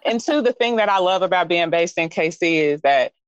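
A woman from Kansas City with a Midwestern accent, chatting as an interview guest, animated and expressive. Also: a little fast, smooth, no echo, muffled recording. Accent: Midwestern American. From Kansas City, Missouri. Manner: animated, expressive, jumps up in pitch for emphasis. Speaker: fashion designer guest. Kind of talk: casual interview chat.

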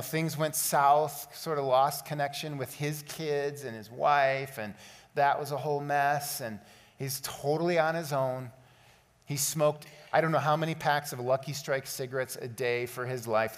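A middle-aged man preaches in a church, shifting from earnest storytelling to impassioned appeals to his listeners. His voice sits a little high for a man. Long reverb trails after his words, as in a large hall. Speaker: pastor. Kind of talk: sermon with personal story.

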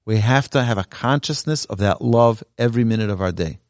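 A male rabbi delivers a Torah talk in a fairly low voice, earnest and exhortative, lifting his pitch for emphasis as he tells a story. The sound is close and dry, with little room echo. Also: fairly quick. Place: Torah learning center, indoors. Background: live audience present.

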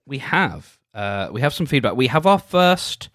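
A man hosting a solo podcast, leading a gentle, halting, reflective check-in with frequent restarts. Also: medium pitch, very animated, dry recording, clean studio sound. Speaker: podcast host.

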